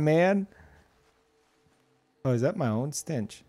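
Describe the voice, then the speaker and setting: A man's voice: mid-range voice, expressive, measured pace, a little hiss or hum. A young man streaming a game live, reacting with swearing and exclamations and talking to his chat. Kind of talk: live gameplay commentary.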